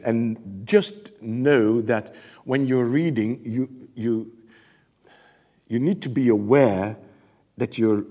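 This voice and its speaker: Slow, husky, animated male preacher. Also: mid-range voice. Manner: animated, laughs often, shifts from shouting to near-whispers. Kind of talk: sermon.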